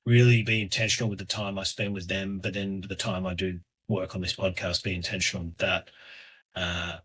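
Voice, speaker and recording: A man in his thirties hosting a solo podcast, talking in a hesitant, reflective way with lots of fillers and restarts, often trailing off quietly. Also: low-pitched, flat delivery, a little fast, husky. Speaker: podcast host.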